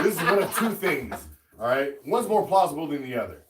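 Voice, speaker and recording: A man co-hosting a casual podcast, jumping in with questions and thinking out loud. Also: a little high, big pitch swings, over a noisy crowd. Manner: quick interjections, questions and reasoning aloud. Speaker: podcast co-host. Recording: roomy sound, mic at a distance.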